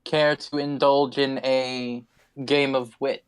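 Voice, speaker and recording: A man's voice: mid-range voice, level tone, slow, smooth, natural voice. A man voicing a sly half-orc gambler in a tabletop game, speaking with mock-polite hesitation.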